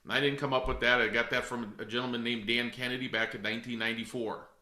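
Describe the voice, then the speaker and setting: A man's voice: mid-range voice, fairly even intonation, quick pace, bright, forceful tone, roomy sound. A middle-aged man coaching real estate agents in a direct, emphatic way, calling his listeners folks. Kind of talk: coaching talk.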